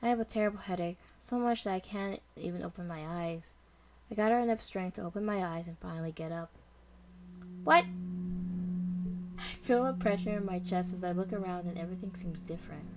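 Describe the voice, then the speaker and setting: A woman's voice: fairly low pitch, brisk, pauses often. Woman narrating a tense first-person story. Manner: dramatic, tense, fearful delivery. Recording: noisy background hiss.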